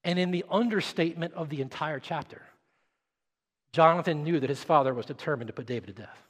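Man, pastor, sermon, high voice, dramatic hushed-to-loud swings, long church reverb. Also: a little fast.

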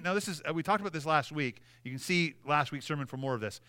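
A male pastor preaching with earnest conviction, his voice bright and pitched a little high. He often repeats a word as he starts a sentence. The tone stays clear and smooth throughout. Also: lively intonation, fast talker, few pauses. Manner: drops to a soft, low voice when praying. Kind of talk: sermon.

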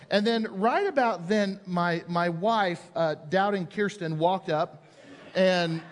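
A male pastor delivers a sermon in a fairly high voice, spinning a personal anecdote and acting out the lines of the people in it. His words ring out with a long reverb, as if from a large church hall. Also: animated, slow. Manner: storytelling, acts out quoted voices, builds to emphasis.

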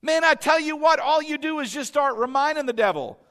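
A male pastor preaching a lively sermon, laughing often and calling for amens from the congregation. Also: extremely high pitch, fairly quick. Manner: animated, laughing, calls for amens. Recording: church hall reverb.

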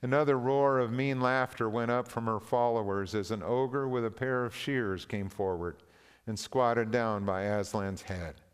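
A man preaching a sermon, reading a story and scripture aloud in a slow, earnest, deliberate manner. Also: medium pitch, steady tone, clear, resonant tone. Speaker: pastor. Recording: long reverb of a large hall.

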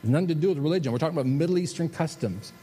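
A man preaching a sermon as a pastor, shifting between emphatic rises and soft, slowed drops. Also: fairly high pitch, husky. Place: church sanctuary. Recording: reverberant hall with faint noise.

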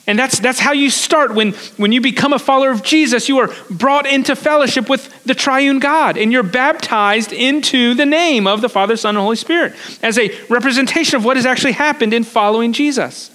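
A man's voice: very high voice, brisk, hardly any pauses, sharp tone. A man preaching a sermon to a congregation, explaining step by step, repeating words as he goes and putting questions to his listeners. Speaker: pastor. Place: church service.

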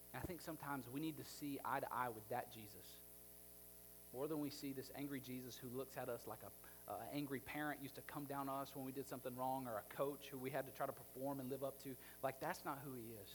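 A man, a pastor, preaching a sermon in a conversational, animated way, acting out the scenes he describes. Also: medium pitch, fast, a little hiss or hum.

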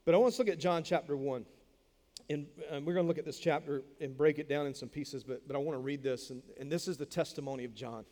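A man's voice: fairly high pitch, quick pace, dark tone. A man preaching a sermon in a casual, conversational way, joking with listeners and often repeating words as he explains. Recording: long reverb in a large hall.

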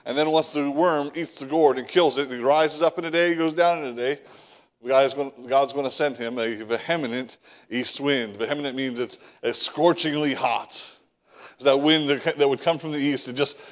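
A man's voice: mid-range voice, normal speed. A man preaching a sermon, reading scripture and acting out the prophet's prayers, repeating words as he builds each point. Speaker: pastor.

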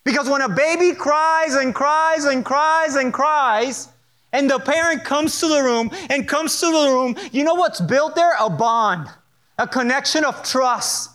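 High-voiced man preaching a sermon. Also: unhurried, a bit bright. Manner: earnest, emphatic preaching with repetition and asides. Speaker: pastor. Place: church sanctuary.

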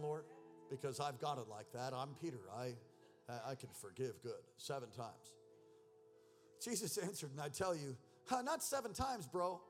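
A man preaching a sermon, animated, moving between loud emphatic reading and low, intense asides, with casual slang mixed in. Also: normal speed, faint music behind. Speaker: pastor.

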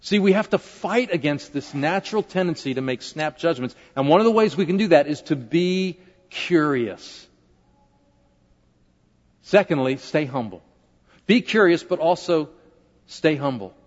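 A man's voice: a little high, expressive, moderate pace. Man preaching in a reverberant church. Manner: conversational, asks the congregation questions. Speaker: pastor. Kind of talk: sermon. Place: large church sanctuary. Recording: dull lo-fi recording with long hall reverb.

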